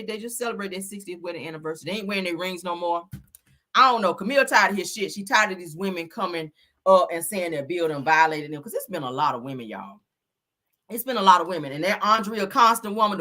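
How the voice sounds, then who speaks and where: A bright, lively woman dishes celebrity gossip in sassy, profane, casual chat. She swoops up and down in pitch and acts out the people she talks about.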